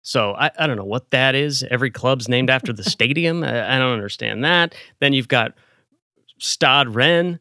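A man from the United States talks through matches in a wry, confident way. His voice is bright and crisp, and the dry, close sound keeps it upfront. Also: mid-range voice, moderate pace, no room sound. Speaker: podcast co-host. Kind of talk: casual podcast analysis.

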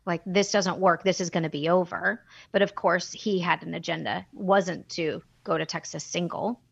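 A woman's voice: on the low side, moderate pace, vocal fry, slightly rough, no echo, highs cut off. A woman telling a personal story in a podcast chat, candid and emotional, acting out the dialogue she quotes. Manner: animated, acts out quoted dialogue. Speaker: guest.

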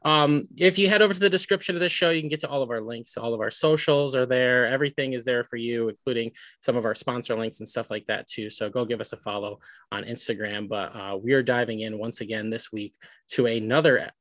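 Energetic male podcast host, dry sound. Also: medium pitch, fairly quick, hardly any pauses, no room sound. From New York. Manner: energetic, laughing, chatty. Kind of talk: casual podcast chat.

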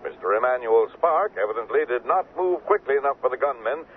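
A man's voice: mid-range voice, lively intonation, quick pace, slight background noise, close to an everyday voice. An actor playing a male radio newscaster reading a crime bulletin. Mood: formal. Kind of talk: newsreading in a radio drama. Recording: tinny radio-within-radio sound.

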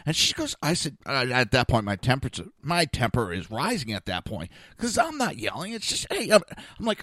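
Animated man telling a story, dry sound. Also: mid-range voice, a little fast, no room sound. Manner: animated, exasperated, acts out dialogue. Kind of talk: casual personal storytelling.

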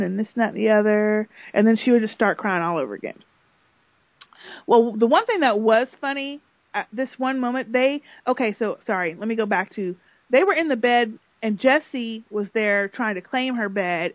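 A woman hosting a podcast who chats in a gossipy, animated way and slips into the voices of the people she talks about. Her voice sits a little high. The sound is dry and lo-fi. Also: moderate pace, no echo. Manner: gossipy, animated, acts out quotes, laughs loudly. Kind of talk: casual chat recapping a reality show.

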